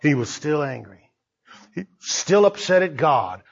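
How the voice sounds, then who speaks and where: Male preacher, high and lively voice, punchy repetitions, dull lo-fi recording. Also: measured pace, creaky. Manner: emphatic, repeats phrases, swings between soft asides and loud exclamations. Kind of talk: sermon.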